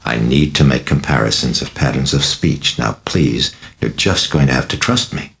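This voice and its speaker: A man reading a grave, insistent priest, deep and gravelly. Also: moderate pace, a bit bright, heavily acted. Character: troubled, determined middle-aged male priest.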